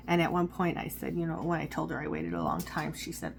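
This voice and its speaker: A woman's voice: sits low, big pitch swings, moderate pace, vocal fry, hardly any pauses, a little hiss or hum. Rambling, candid woman vlogging in a car. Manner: rambling, candid talk with fillers and swearing. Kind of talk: candid personal vlog. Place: inside a parked car.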